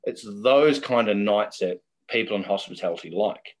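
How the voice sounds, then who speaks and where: A man's voice: lowish voice, lively intonation, moderate pace. A middle-aged man, a guest telling chatty, laughing anecdotes in a casual interview.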